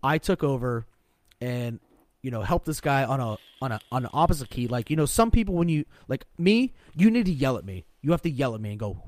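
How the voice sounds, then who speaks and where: A man's voice: mid-range voice, sing-song, fairly quick, no room sound. A man in his thirties talks bluntly and profanely in casual podcast chat, restarting sentences as he goes. His voice sits in a middle register. It is recorded close and dry, with no room sound. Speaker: podcast co-host.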